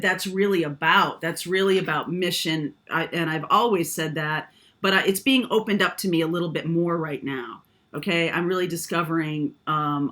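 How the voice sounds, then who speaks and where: Woman, tarot reader, casual spiritual talk, lower-pitched, bright, rambling with frequent "okay?". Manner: meandering, frequent "um" and tag "okay?". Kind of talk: casual spiritual reading monologue.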